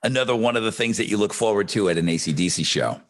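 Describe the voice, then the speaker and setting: A man co-hosting a podcast, chatting casually in a measured, matter-of-fact way. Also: on the low side, expressive. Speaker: podcast co-host. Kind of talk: casual chat.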